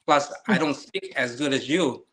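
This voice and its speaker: Bright-voiced earnest man in his fifties. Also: mid-range voice, moderate pace, a little hiss or hum. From Thailand. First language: Lao. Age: 50s. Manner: earnest, non-native English grammar. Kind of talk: casual chat.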